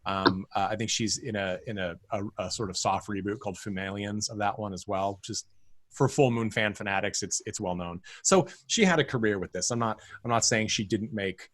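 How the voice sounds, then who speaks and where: A man's voice: fairly low pitch, fairly quick, fairly bright tone, no room sound. A man co-hosting a film podcast, chatting casually about a movie, rambling with lots of fillers and restarts. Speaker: podcast co-host. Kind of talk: casual film review chat.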